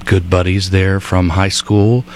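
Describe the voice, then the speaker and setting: A middle-aged man chats easily as a talk show guest, his voice sitting low. He tells long stories and laughs often. A faint hum runs under the recording. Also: flat delivery, unhurried. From Louisiana. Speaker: guest who plays Santa Claus. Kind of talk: casual talk show interview.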